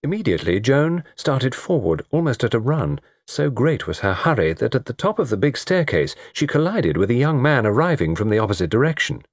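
A man narrating a story in an expressive reading. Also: medium pitch, fairly quick, few pauses, no echo, clean studio sound. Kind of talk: audiobook narration.

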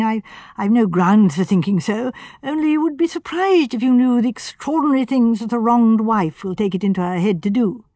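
A woman's voice: on the high side, a little mellow, no echo, studio quality. A woman reading as a self-effacing grizzled country doctor, speaking tentatively. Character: modest grizzled older male country doctor.

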